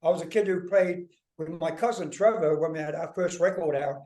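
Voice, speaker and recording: A slightly high, slightly fast voice belongs to an older man appearing as a guest musician. In a laid-back interview he recounts stories animatedly, swearing without restraint and imitating others' voices.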